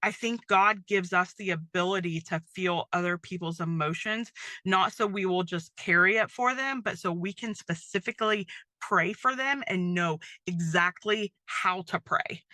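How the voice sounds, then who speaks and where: A middle-aged woman hosts a faith podcast in a chatty, rambling way, full of "um" and "like." Her voice is bright and forward, recorded close and dry with no room sound. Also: fairly low pitch, normal speed, dry recording. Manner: chatty, many fillers like "um" and "like". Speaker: podcast host. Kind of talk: casual faith-based podcast monologue.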